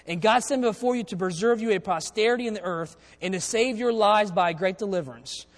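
A man with a high voice and a fast way of talking preaches a sermon, reading scripture verses aloud and explaining them conversationally. The recording carries the long reverb of a church hall.

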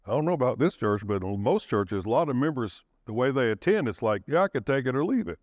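A man preaching with a lively, wide-ranging voice that climbs to emphatic peaks and drops low again. He calls out to his congregation for a response. The recording is dry and close, with no room echo. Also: quick pace. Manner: dramatic swings in pitch and pace, rising to shouts of emphasis. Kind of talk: sermon.

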